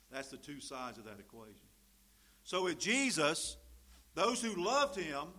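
A middle-aged man preaching a sermon, swinging from loud emphatic stresses to quiet asides. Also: medium pitch, creaky, breathy edge. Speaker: pastor.

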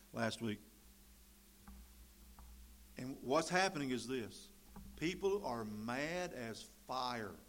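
A man delivering a sermon, his voice sitting at an ordinary middle pitch. He reads scripture aloud, climbs to loud, emphatic preaching, then drops into quiet, folksy asides. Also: vocal fry, slight background noise. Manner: folksy, conversational storytelling between scripture readings.

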